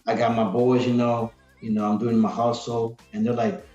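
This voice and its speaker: A man's voice: mid-range voice, level tone, moderate pace, mellow, faint music behind. A man, a podcast guest, chatting casually and energetically, rambling with lots of "like" and "man". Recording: roomy, dull lo-fi sound.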